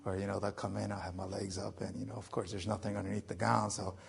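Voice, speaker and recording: A man's voice: on the low side, level tone, fast talker, creaky. A man in his forties telling his own survival story to an audience in a loose, joking way, full of fillers. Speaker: veteran speaker.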